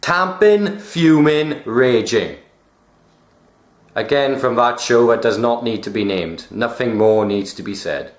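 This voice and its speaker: A man's voice: on the low side, fairly even intonation, normal speed, hardly any pauses. A young man from Wales with a Welsh accent, chatting casually with wry, jokey asides. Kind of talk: casual chat. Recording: roomy echo.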